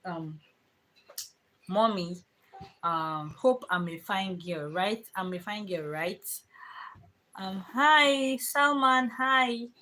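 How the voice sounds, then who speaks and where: On a live stream with low-quality audio, a young mother talks casually about parenting in a medium-pitched, slightly bright voice. This parenting vlogger rambles, restarts, leans on fillers, and stops now and then to scold her kids.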